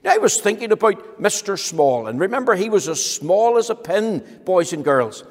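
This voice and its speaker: A man tells a children's story, slow and gentle, his pitch rising and falling in lively swings. His voice is slightly husky, and a long reverb trails after him in the hall. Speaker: children's talk presenter.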